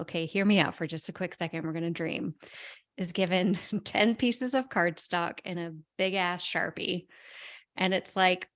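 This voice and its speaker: A woman hosting a podcast interview, who responds warmly, empathetically and effusively. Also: mid-range voice, dry recording. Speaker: podcast host, child life specialist.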